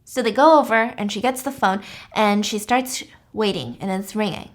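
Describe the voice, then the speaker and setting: A woman's voice: mid-range voice, normal speed. A young woman hosting, telling a true crime story in a chatty, casual way with lots of fillers. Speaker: host.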